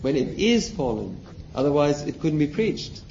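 Man, Bible study teacher, measured explaining tone, mellow voice, dull lo-fi recording with faint hiss. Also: on the high side, big pitch swings, gravelly. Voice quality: measured, explaining with questions to listeners. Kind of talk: Bible study lecture reading from a book.

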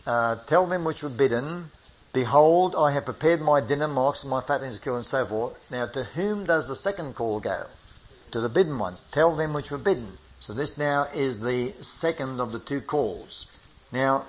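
A man giving a Bible study lecture, reading scripture aloud and putting questions to his listeners in a measured way. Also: mid-range voice, low-quality recording. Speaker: Bible teacher.

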